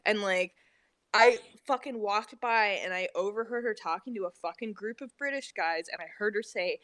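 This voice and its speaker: A young woman from the United States telling stories in a casual group livestream, animated and swearing, mimicking what others said. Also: mid-range voice, normal speed, no room sound. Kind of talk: casual storytelling in a group chat.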